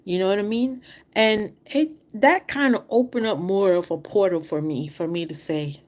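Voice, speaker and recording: A woman's voice: medium pitch, normal speed, darkish tone. Woman livestreamer, emotional monologue, holding back tears, keeps repeating herself, mid-range voice. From outside the United States. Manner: impassioned, repetitive, rhetorical questions.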